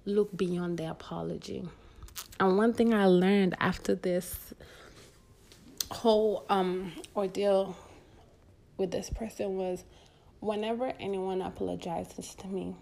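A young woman's warm, creaky voice, medium in pitch and steady in tone, moves slowly with frequent pauses. She's a podcast host giving casual, candid advice from her own experience and telling personal stories.

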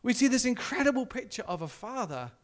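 A male pastor preaching a sermon in a church, telling the story in an animated way and acting out the quotes. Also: extremely high pitch, a little fast.

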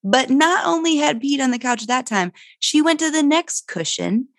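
A middle-aged foster mother, appearing as a guest, shares a personal parenting story candidly and animatedly, and her voice shoots up when she gets worked up. She has a high pitch and lively intonation and speaks at a normal speed. The recording is studio quality with no room sound.

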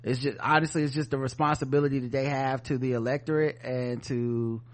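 Reading out headlines and riffing on each with profane, sardonic humor, this male podcast co-host keeps things casual. His mid-range voice stays fairly even in intonation and moves a little fast.

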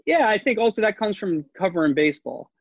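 A man's voice: high-pitched, very animated, fast, no echo, lo-fi sound. A man who works as a sports media reporter, talking casually in an interview, rambling with many fillers and restarts.

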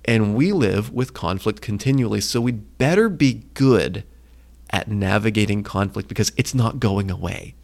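A man co-hosting a casual faith podcast, retelling stories with lively acted-out quotes. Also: fairly low pitch, moderate pace, gravelly. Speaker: podcast co-host.

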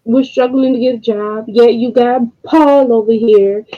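A woman hosting a podcast, speaking in a casual monologue, emotional and frustrated, with slow deliberate pauses. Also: on the high side, steady tone, dark tone. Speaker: podcast host. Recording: dull lo-fi audio.

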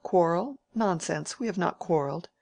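Woman reader voicing a blunt, dry-witted young woman from a period storybook, in a low voice. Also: moderate pace, gravelly, a little mellow, dry recording. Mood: dry, frank. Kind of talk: audiobook character reading.

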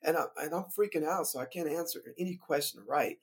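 A man who plays in a band, telling a story from the road as a guest on a podcast, lively and laughing as he recounts it. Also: on the high side, a little fast. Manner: animated, vivid retelling with laughter. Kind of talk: casual storytelling.

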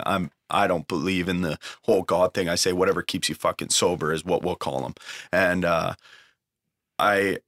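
A man's voice: deep voice, a bit bright. A young man telling an emotional recovery story in a casual way, swearing freely and using lots of fillers. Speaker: guest sharing a recovery story.

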